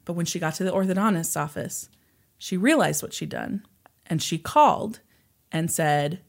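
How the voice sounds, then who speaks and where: Podcast co-host, woman, storytelling, rambling "and so", slightly low voice. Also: moderate pace, creaky. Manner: retells the story at length with frequent "like" and "and so".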